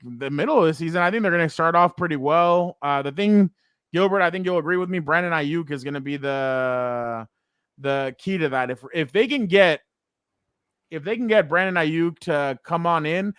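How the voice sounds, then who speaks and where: A man's voice: fairly high pitch, a bit bright, smooth, no echo, studio quality. A man hosting a casual sports podcast on a video call, easygoing and reading chat comments aloud. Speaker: podcast host.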